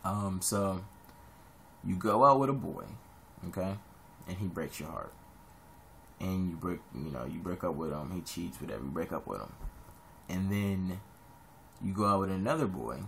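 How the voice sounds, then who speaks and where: Deep gravelly young man from Ohio. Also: a little slow, long pauses, a little hiss or hum. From Columbus, Ohio. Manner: rambling, animated, sudden high-pitched jumps. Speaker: vlogger giving advice. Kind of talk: casual advice monologue.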